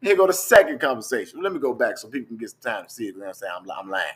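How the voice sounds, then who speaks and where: A young man talks bluntly into his livestream, swearing freely as he scrolls through screenshots. His voice sits in an ordinary middle pitch and his tone stays casual and direct. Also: big pitch swings, very fast, a bit bright, husky. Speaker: vlogger.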